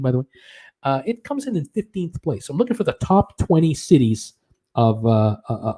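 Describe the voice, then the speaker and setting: A man's voice: fairly high pitch, warm tone. Chatty man hosting a trivia livestream. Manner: chatty, many "uh" fillers, chuckles at his own jokes. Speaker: host of a live cruise news and trivia stream. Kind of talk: casual live-stream chat reading viewer comments.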